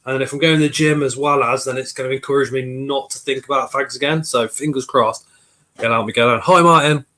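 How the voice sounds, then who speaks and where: A man's voice: medium pitch, steady tone, fairly quick, bright, forceful tone. A man, hosting a casual live stream from his kitchen, greeting viewers by name while getting over a cold. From Coventry, England. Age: 40s. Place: home kitchen.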